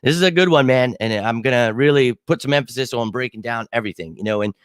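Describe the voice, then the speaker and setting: Excitable man in his thirties hosting a sports stream. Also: medium pitch, fast talker, clear, resonant tone, no echo, clean studio sound. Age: 30s. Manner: excitable, swears freely, many fillers. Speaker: sports show host. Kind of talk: casual live-stream chat.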